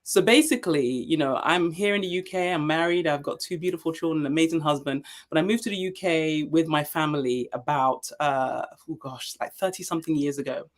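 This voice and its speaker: A woman in her forties from Nigeria, a leadership speaker telling her story as a guest in an interview, emphatic and animated. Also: deep voice, fairly quick, hardly any pauses. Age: 40s.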